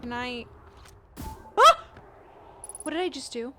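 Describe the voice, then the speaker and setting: Playing a game on stream, a young woman gives casual commentary, reads the on-screen text, and lets out panicked, cursing outbursts. She speaks slowly in a high voice over a slight hiss or hum.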